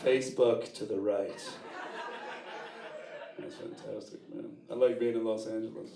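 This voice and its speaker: A man from New York City works a live crowd with a loose, animated, profane stand-up set. He chuckles through his own jokes. The sound is distant and echoey, with noise underneath. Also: fairly low pitch, a little slow, vocal fry. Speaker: stand-up comedian. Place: live comedy venue with audience.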